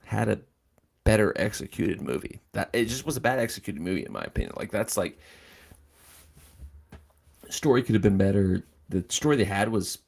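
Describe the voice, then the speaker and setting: A man's voice: fairly low pitch, expressive, moderate pace, creaky, long pauses, slightly rough. A man hosting a casual livestream chat, talking in a rambling, filler-heavy way. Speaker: host.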